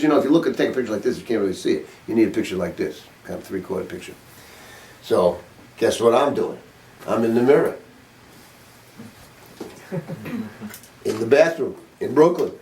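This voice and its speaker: An older man teaching a saxophone master class, his low voice loose and chatty as he demonstrates and cracks dry jokes. He is picked up from across a roomy studio, with a faint hiss underneath. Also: a little mellow. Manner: casual, demonstrative, joking. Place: music studio with a group. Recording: roomy room, mic at a distance.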